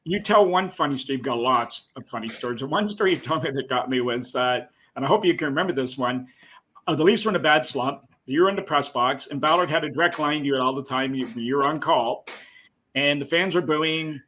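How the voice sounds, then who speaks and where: A man's voice: mid-range voice, sharp tone, a little hiss or hum, low-quality recording. A man hosting a podcast, eagerly setting up a story for his guest to tell. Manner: fast, eager set-up of questions. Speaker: podcast host. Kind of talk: casual podcast interview.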